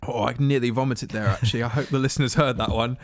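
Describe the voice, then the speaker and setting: Young British male podcast co-host, banter-heavy, giggly, average pitch, dry recording. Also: fast talker, no echo. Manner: excitable, laughing often, cheeky banter. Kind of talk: casual gaming podcast chat.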